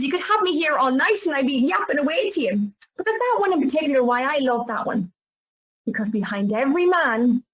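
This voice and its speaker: A middle-aged Northern Irish woman presenting travel experiences, a lively, chatty storyteller. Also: sits high, poor audio. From Northern Ireland.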